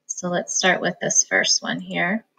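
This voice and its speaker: A woman's voice: on the low side, level tone, measured pace, vocal fry, pushed and bright, low-quality recording. A woman teaching a phonics lesson, patiently sounding out words syllable by syllable. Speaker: reading teacher.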